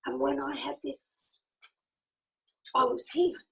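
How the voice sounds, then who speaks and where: A middle-aged woman telling a personal story in a lively, animated way, acting out the dialogue as she goes. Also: sits high, slow, gravelly, low-quality recording. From Italy. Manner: animated, acts out quoted dialogue, laughs often. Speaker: speaker.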